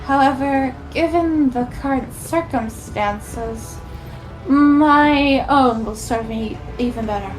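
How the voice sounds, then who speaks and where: Cassia-type solemn noble navigator with a warp eye, formal and high-voiced, unhurried, read by a woman. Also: faint music behind, rough recording. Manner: formal, archaic, reverent reading. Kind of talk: reading game dialogue aloud.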